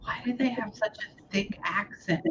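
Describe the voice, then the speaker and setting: A woman's voice: medium pitch, normal speed. A woman giving a casual psychic reading over a call. She talks in a chatty, running way and keeps stopping herself with "hang on" while she relays what she hears. Her audio is a bit dull, with a faint hiss behind it. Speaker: psychic medium.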